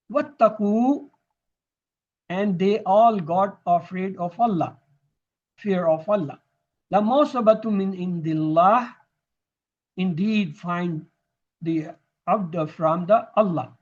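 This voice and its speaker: A man teaching Arabic verb grammar for Quran study, explaining slowly and repeating words for emphasis. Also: high voice, darkish tone. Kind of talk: classroom lesson. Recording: dull lo-fi recording.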